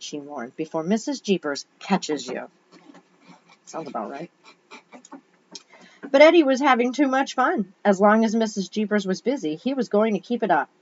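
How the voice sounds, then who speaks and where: A woman reads a children's chapter book aloud in a relaxed, chatty way, tripping over a word now and then and fixing it. Her voice sits fairly low, and the recording sounds dull and lo-fi. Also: a little hiss or hum. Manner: casual and chatty, stumbles and corrects herself mid-sentence. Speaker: storybook reader.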